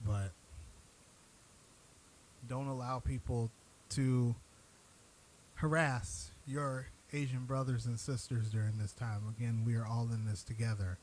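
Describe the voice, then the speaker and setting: A man hosting an online show gives direct-to-camera commentary in a mid-range, darkish voice. He addresses his audience earnestly and bluntly, turning profane when worked up, on a low-quality recording with some hiss or hum.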